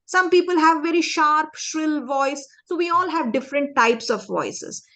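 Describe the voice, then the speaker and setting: A woman with a bright, high-pitched voice teaches public speaking to a group of young students. She talks in an animated, demonstrative way, stops often to check the class is following, and acts out good and bad delivery as she goes. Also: measured pace. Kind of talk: interactive lesson to young students.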